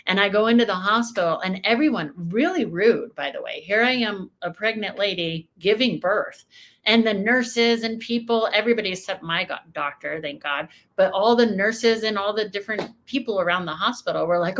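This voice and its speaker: A woman in her thirties hosting a reaction video, talking in an emphatic, animated way. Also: medium pitch, fairly quick. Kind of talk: casual commentary.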